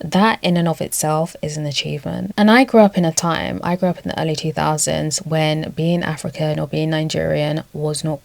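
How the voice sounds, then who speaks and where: A young woman, narrating a scripted video essay in a measured, argumentative way. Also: low-pitched, creaky, a little mellow, dry recording.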